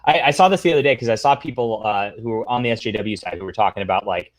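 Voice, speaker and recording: A man's voice: fairly low pitch, quick pace, few pauses. A man hosting a casual livestream, rambling through commentary, reading posts aloud, talking to the chat and throwing in sarcastic asides. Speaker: livestream host.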